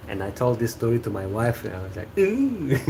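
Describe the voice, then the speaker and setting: A man with an Indonesian accent, a native Sundanese speaker, hosting a casual livestream chat, relaxed and chuckling, with many fillers. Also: fairly low pitch, normal speed, vocal fry, background noise. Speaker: host.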